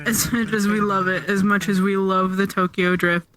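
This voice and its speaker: A man's voice: high-pitched, flat delivery, moderate pace, sharp tone. A man playing in a role-play session, laughing as he talks. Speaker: player. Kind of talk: casual chat during role-play.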